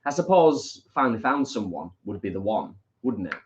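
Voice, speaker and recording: A man's voice: fairly low pitch, very animated, normal speed. A man co-hosting a casual live-stream chat, reading out viewer comments over a dull, lo-fi recording. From England. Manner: chatty, reads out comments. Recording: dull lo-fi sound.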